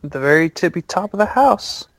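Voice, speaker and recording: A man's voice: high voice, lively intonation, normal speed, creaky, a bit bright, dry recording, pitched above the performer's own voice, heavily acted. Man doing a creepy cheerful little girl. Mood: innocent.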